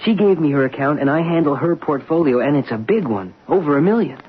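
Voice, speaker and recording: A man's voice: on the high side, expressive, fast talker, slightly rough. An actor playing an anxious young stockbroker who stammers in his own defense, in a 1970s radio drama. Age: young adult. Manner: nervous, stammering. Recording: dull 1970s radio broadcast.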